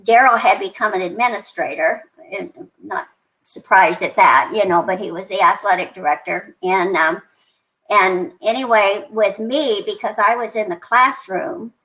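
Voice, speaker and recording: An older woman guesting on a podcast, talking in a casual, rambling way. She restarts her sentences often and fills the gaps with "um" and "you know". Her voice sits at an ordinary middle pitch for a woman. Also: moderate pace, a bit bright, low-quality recording. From New Mexico, USA. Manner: rambling, many restarts and fillers, chatty. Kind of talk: casual interview storytelling.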